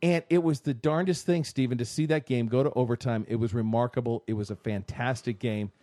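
A man co-hosting a casual sports talk show, telling stories in an animated way and acting out what people said. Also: medium pitch, brisk, dry recording, clean studio sound. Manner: animated storytelling, acting out quotes.

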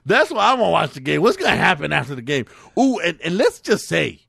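A man's voice: on the high side, very animated, quick pace, vocal fry, fairly bright tone, breathy edge, no room sound, studio quality. A man co-hosting a casual sports podcast, upbeat and leading each segment. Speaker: podcast co-host.

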